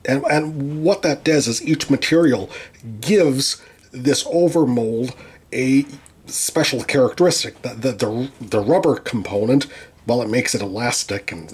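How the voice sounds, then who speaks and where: A man's voice: mid-range voice, darkish tone, slightly rough. A man narrating a tool teardown with dry, wry humor and frequent restarts. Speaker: tool reviewer.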